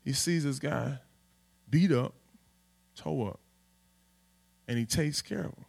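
A man preaching a sermon at a church in street vernacular, swinging from loud outbursts to hushed asides. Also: medium pitch, takes it slowly, gravelly. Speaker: pastor.

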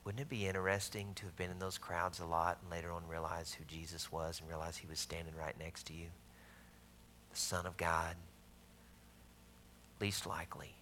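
A man with a Southern US accent preaching a sermon, telling stories with loud emphasis and hushed asides. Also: low voice, level tone, normal speed, pauses often, slight background noise. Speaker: pastor.

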